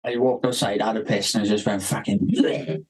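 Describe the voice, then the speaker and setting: A man's voice: lowish voice, normal speed, darkish tone, husky, low-quality recording. Swearing man telling a story. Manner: rambling, swears constantly, acts out quoted people. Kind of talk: casual podcast storytelling.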